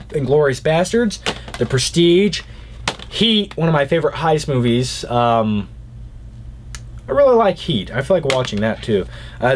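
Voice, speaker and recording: A young man casually reviewing movies in a rambling way, with jokey asides. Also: on the high side.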